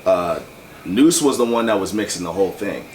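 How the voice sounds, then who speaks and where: A man's voice: deep voice, lively intonation, darkish tone, a little hiss or hum. A man casually telling a long, profane story about his music, full of fillers and asides. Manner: loose, profane, fast-moving anecdote with many fillers. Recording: distant mic with faint room ambience.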